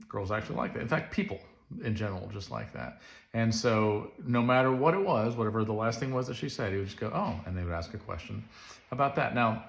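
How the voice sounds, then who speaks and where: A man's voice: on the low side, echoey room. A middle-aged man telling a rambling, self-deprecating comic story straight to camera. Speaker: comedic storyteller. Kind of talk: casual comedic storytelling to camera.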